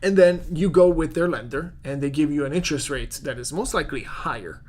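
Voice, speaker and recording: A man's voice: on the high side, brisk, darkish tone. A man with a non-native English accent, a real estate agent hosting a casual live-stream Q&A, chatty and full of fillers as he answers viewer comments.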